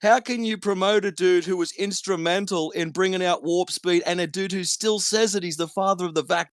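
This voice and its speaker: A man's voice: high-pitched, steady tone, a little fast, clean tone, no room sound, studio quality. A man with an Australian accent calling in to an audio chat, earnest and insistent, tossing in "mate" every few words. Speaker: caller. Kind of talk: call-in debate on a live audio room.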